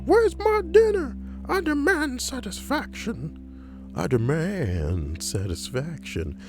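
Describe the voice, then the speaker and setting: A man's voice: very animated, takes it slowly, soft background music, exaggerated voice. A man voicing an entitled diner who keeps screaming indignantly about his order. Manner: shrill, ranting, indignant.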